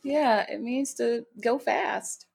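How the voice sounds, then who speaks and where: A woman co-hosting a casual podcast, calm and steady, who spells words out letter by letter. She speaks slowly in a mid-range voice. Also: a little high, vocal fry, breathy edge. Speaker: podcast co-host. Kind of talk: casual chat.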